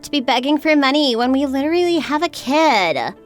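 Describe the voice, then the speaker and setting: Woman doing a worried young mom, kinda high voice that jumps around, defensive. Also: expressive, fairly quick, soft background music. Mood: upset. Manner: pleading, defensive. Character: stressed young mother, the girlfriend. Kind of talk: dramatized text story.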